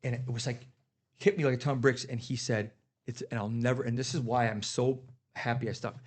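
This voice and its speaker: A man's voice: medium pitch, steady tone, fairly quick. A man on a podcast telling heartfelt stories about his kids in casual chat, getting emotional. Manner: earnest, emotional storytelling. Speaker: podcast guest.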